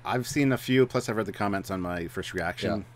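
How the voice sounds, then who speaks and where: A man's voice: fairly low pitch, fairly quick, slight background noise. A man co-hosting a casual review chat, talking hesitantly with many fillers and restarts. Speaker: co-host of a review show.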